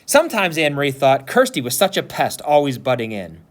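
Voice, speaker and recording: A man, a teacher, reading a novel aloud with expressive storytelling. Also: on the high side, a little fast.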